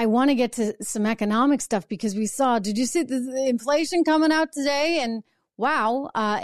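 A woman's voice: mid-range voice, a little mellow, dry recording, clean studio sound. Emphatic woman political show host. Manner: emphatic, rhetorical asides. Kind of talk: political commentary monologue.

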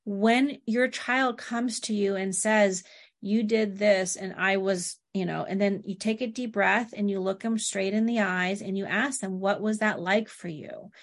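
An unhurried middle-aged woman with a mid-range, fairly even voice is a therapist being interviewed in a relaxed, conversational way. She shares anecdotes and voices her clients and family members in quoted exchanges.

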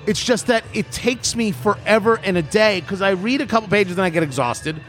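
A man's voice: high voice, a little fast, a bit bright, faint music behind. Rambling, chuckling male talk-show host. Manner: rambling, self-amused, lots of fillers. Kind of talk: casual panel chat.

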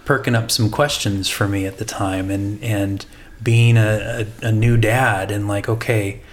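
A man's voice: lowish voice, fairly even intonation, unhurried, slight background noise. A man co-hosting a casual faith podcast, talking reflectively with frequent restarts. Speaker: podcast co-host. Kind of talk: casual discussion.

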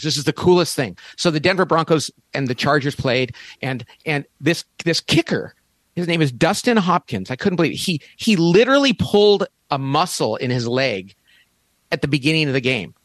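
A man's voice: on the high side, lively intonation, normal speed, fairly bright tone, no echo. A man in his fifties, a podcast guest, telling a story with enthusiasm and emphatic restarts. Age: 50s. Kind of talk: animated storytelling in conversation.

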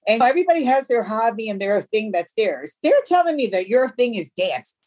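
A woman's voice: on the high side, big pitch swings, darkish tone. Earnest woman retelling a loss. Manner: earnest, halting, many restarts. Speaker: guest. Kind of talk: emotional personal interview.

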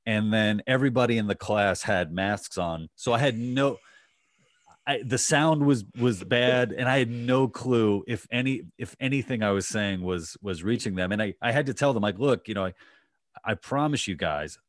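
A man with a fairly low voice hosts a podcast and tells a long, rambling anecdote. He stops and restarts his sentences a lot, and fills the gaps with fillers. The sound is dry and close. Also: normal speed, dry recording. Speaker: podcast host. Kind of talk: casual podcast chat.

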